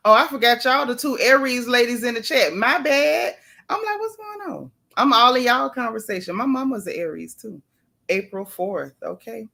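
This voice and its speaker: A woman talks casually to her live-stream viewers from home, close to the camera. Her voice sits a little high, and she calls out each viewer by name in a playful, chatty way. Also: animated, moderate pace, creaky, bright, forceful tone. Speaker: livestream host.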